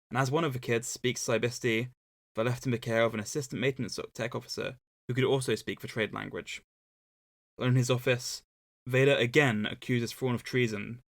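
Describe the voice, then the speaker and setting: A man's voice: medium pitch, creaky, no echo. Man recapping a book with dry asides. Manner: dry joking asides between plot recaps. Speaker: podcast co-host. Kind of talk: casual book-club podcast, summarizing a novel.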